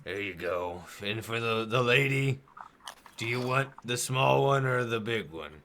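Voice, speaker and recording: A man's voice: medium pitch, lively intonation, a little slow, fairly bright tone, a little hiss or hum. A man voicing a scruffy male cook running an abandoned diner, who talks in an offhand mutter.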